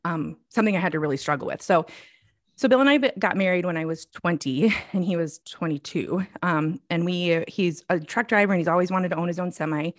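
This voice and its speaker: A woman's voice: lowish voice, fairly quick, dry recording, clean studio sound. A woman in her forties co-hosting a casual faith podcast, chatty and laughing often, a little out of breath. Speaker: podcast co-host.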